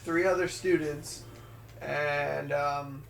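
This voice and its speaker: Young male gaming co-host, playful teasing tone, a bit high, roomy echo. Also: fairly even intonation, slow, creaky, a bit bright. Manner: teasing, joking banter. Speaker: let's play co-host. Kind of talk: casual gaming chat. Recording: roomy echo with faint game music.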